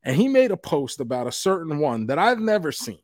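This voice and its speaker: A man co-hosting a casual pop culture podcast, animated and joking, with casual swearing. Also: fairly high pitch, a little fast, dry recording, clean studio sound. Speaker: podcast co-host.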